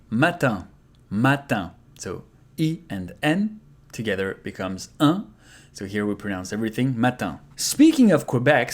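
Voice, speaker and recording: A man with a French accent, a native French speaker, teaching a video language lesson and repeating each word slowly for learners to copy. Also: medium pitch. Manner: slow, repeats words for practice.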